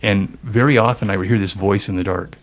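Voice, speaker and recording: A middle-aged man with a fairly low voice is the guest here, telling a story in a lively, animated way. He slips into the other people's lines as he tells it. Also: brisk. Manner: animated storyteller acting out dialogue. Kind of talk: storytelling interview.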